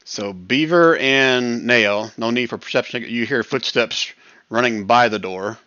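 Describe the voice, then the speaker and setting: A man's voice: medium pitch, unhurried, sharp tone, smooth, dry recording. Lo-fi easygoing man running the game. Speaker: game master. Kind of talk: running a tabletop game over voice chat.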